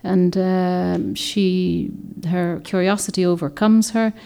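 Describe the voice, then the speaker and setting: A woman's voice: fairly low pitch, fairly even intonation, takes it slowly, vocal fry, dark tone, clear, resonant tone. A woman author giving a reflective, rambling talk to a group, often searching for words and restarting her sentences. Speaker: author and speaker.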